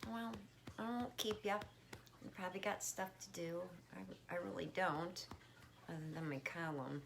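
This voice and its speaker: Casual home vlogger, woman, deep and a bit creaky, faint room hiss. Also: normal speed. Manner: chatty, warm toward her pets, frequent fillers. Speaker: spiritual vlogger. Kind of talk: casual check-in chat. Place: at home with pets.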